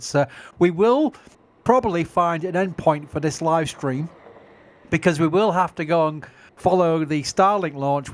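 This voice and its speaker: A middle-aged man with a Yorkshire accent, commentating a livestream in casual, self-mocking chat. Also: fairly high pitch. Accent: Yorkshire English. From England. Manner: chatty, self-mocking, laughs often.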